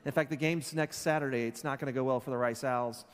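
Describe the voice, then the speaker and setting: A man's voice: mid-range voice, fairly even intonation, fast talker. A man preaching a sermon as pastor, conversational, with joking asides. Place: church sanctuary. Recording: long reverb in a church hall.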